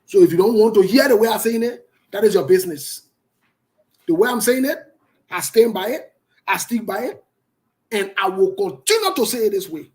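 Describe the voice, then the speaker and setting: A man as a radio host with a fairly high voice. He talks defiantly and passionately, driving his points home by repeating them, in the style of opinionated radio commentary. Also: lively intonation, moderate pace, long pauses, a little mellow, rough recording. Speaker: radio talk show host.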